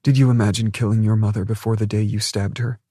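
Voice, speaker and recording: A man's voice: on the low side, little pitch movement, fast, mellow, dry recording, studio quality, voice pushed up, natural voice. A man raising his voice into a tense haunted young woman. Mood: strained. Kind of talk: audiobook narration.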